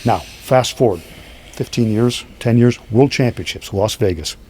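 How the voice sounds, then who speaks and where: A man who is a podcast guest, telling stories in a lively way and acting out what people said. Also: medium pitch, measured pace, breathy edge. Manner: lively, acts out quoted speech. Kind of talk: animated storytelling.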